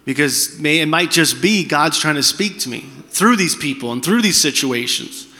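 Middle-aged male pastor, candid and chatty delivery, bright tense tone. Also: a little high, expressive, moderate pace, long reverb tail. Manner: candid, conversational preaching with frequent restarts. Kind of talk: sermon.

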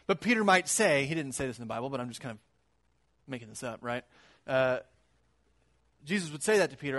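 A man giving a casual, conversational sermon, animated and acting out quotes in his retelling. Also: medium pitch, quick pace.

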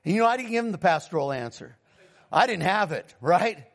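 A man's voice: animated, fairly quick. A middle-aged man, a pastor, telling a personal testimony in a sermon, acting out his conversations with God and calling to the congregation for responses. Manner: storytelling, acts out dialogue with God in a lower, quieter voice.

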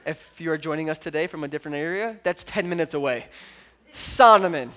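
A man, a pastor preaching a sermon and telling family stories with lively energy. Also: on the high side, brisk. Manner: animated storytelling, acts out his daughter's voice.

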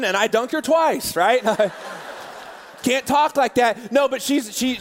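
High-voiced pastor preaching in a hall. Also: male voice, slow, slight background noise. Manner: animated, laughing storyteller. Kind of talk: sermon storytelling. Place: church auditorium. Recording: large hall with live audience.

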